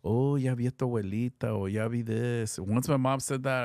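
A man's voice: medium pitch, fairly even intonation, fairly quick, a little mellow, dry recording, studio quality. A middle-aged man telling a personal story on a podcast in an earnest, casual way, slipping into Spanish phrases and swearing freely. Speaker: podcast guest.

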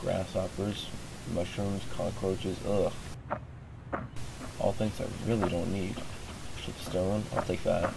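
Deep gravelly guy, just woke up, monotone rambling game stream, noisy mic. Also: slow, pauses often. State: just woken up. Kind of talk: casual gameplay commentary.

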